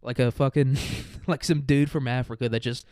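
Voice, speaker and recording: A man hosts a podcast, riffing in a loose comedic monologue full of slang and swearing. He laughs often and keeps an easy middle pitch. He is recorded close on the mic in a dry room. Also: steady tone, moderate pace, darkish tone, dry recording. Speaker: podcast host. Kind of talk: casual rambling comedic monologue.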